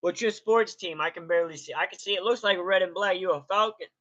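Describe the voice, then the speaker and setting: A man's voice: high-pitched, quick pace, a bit bright. A man hosting a casual live reaction stream, laid-back and greeting his chatters by name. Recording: dull lo-fi stream audio.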